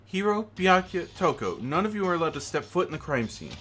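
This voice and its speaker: A man's voice: sits high, very animated, fairly quick, fairly bright tone, pitched above the performer's own voice. A man voicing an athletic teenage girl, grieving and defiant, reading game dialogue in a stubborn, protective way.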